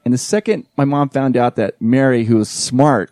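A man's voice: mid-range voice, normal speed, few pauses. A man in his forties, a podcast guest and event emcee, telling a story in casual chat and acting out the lines of the people in it. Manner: animated storyteller who acts out quoted dialogue.

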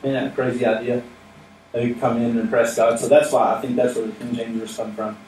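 A male pastor talks through his sermon in a relaxed, joking, plain-spoken way. The sound is roomy and echoing, picked up from a few steps back. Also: mid-range voice, fast. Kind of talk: conversational sermon. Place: church sanctuary with responding congregation. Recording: echoey room, mic at a distance, faint noise.

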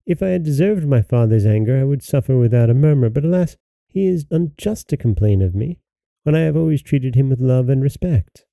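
A man voicing a kind young princess in a storybook reading, speaking softly and pleadingly. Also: medium pitch, fairly quick, vocal fry, dry recording, close to an everyday voice.

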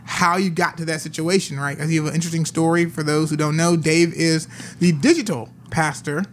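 Male podcast host, quick chatty delivery, slightly high voice, self-deprecating restarts. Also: fairly even intonation, a little hiss or hum. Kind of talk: casual interview chat.

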